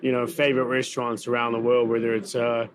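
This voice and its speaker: A chef from New Zealand, speaking with a New Zealand accent at a middling pitch. He talks chattily in a casual interview, stacking fillers and repeated words. A faint hum of event ambience sits behind him. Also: monotone, quick pace. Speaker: chef and restaurant owner. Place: busy event venue.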